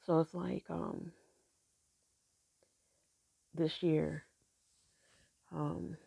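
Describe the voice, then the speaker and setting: A middle-aged woman telling a personal story in a halting, soft-spoken way, with many pauses. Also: low voice, little pitch movement, creaky, slightly rough, no room sound, clean studio sound. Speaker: grieving mother sharing her story.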